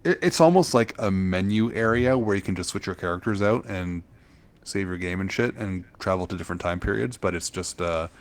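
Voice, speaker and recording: A man with a low, deep voice talks through ideas in a loose, rambling way as he co-hosts a podcast. He fills the gaps with plenty of ums and uhs, and the chat stays casual throughout. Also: brisk. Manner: rambling explanations full of filler words. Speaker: podcast co-host.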